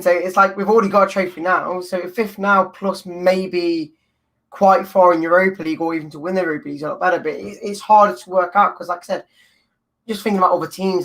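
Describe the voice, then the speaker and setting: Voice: medium pitch, fairly bright tone. A young adult guest fan in casual chat, hesitant and thinking aloud.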